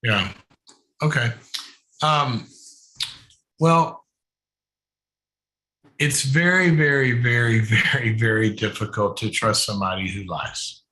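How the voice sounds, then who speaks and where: A man's voice: mid-range voice, takes it slowly, pauses often, sharp tone, low-quality recording. A man hosting a live call-in advice show who gives counsel in a thoughtful, emphatic way and often repeats words while he builds a point.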